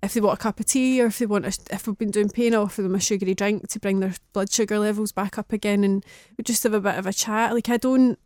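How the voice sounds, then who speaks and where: A woman chatting as a podcast guest, frank and easygoing and quick to laugh. Her voice sits at a middle pitch, and the recording is close and dry, with no room sound. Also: fairly even intonation, a little mellow, dry recording. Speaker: guest, dominatrix and campaigner. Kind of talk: casual podcast chat.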